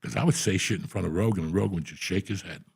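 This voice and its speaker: Middle-aged male storyteller with a rough, raspy voice; profane and animated. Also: low voice, quick pace. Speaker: podcast host. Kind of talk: casual storytelling.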